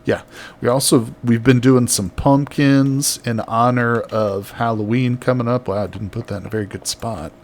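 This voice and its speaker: A man's voice: medium pitch, fairly even intonation, moderate pace, a little hiss or hum. A man chatting casually on a live game stream, reading out viewer messages and laughing often. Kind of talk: casual live-stream chat while building.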